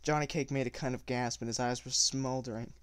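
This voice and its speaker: A man reading a novel aloud at a steady pace, with small slips and self-corrections. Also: medium pitch, a little fast, smooth, no room sound. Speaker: audiobook reader.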